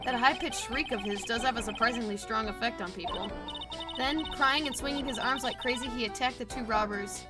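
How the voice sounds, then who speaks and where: A woman's voice: a little high, brisk, natural voice. A woman putting on a gushing Southern wife. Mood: doting. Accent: put-on Southern American lilt. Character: lovestruck doting wife, gushing and dramatic. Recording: game music underneath.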